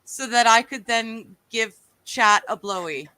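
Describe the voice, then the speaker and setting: A woman's voice: a little high, unhurried, sharp tone, smooth, dry recording, rough recording. A woman co-hosting a casual livestream, laughing easily and chiming in with short agreements. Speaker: livestream co-host. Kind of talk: casual chat.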